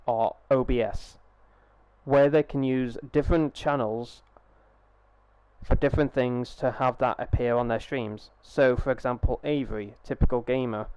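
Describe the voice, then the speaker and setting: A man's voice: medium pitch, steady tone, normal speed, darkish tone, smooth, dry recording. A young man chatting casually on a live gaming stream through a headset, rambling, swearing freely and restarting his sentences.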